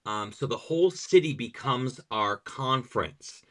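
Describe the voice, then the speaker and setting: A man with a bright, forward tone and a middling pitch for a man, hosting a podcast. He chats casually and tells his stories with lively enthusiasm, warmly recommending the things he describes. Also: unhurried. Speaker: podcast host.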